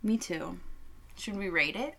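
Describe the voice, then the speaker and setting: Bright-voiced young woman, chatty and profane. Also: on the low side, unhurried, creaky. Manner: lively, profane storyteller. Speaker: co-host beer reviewer. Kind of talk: casual chat.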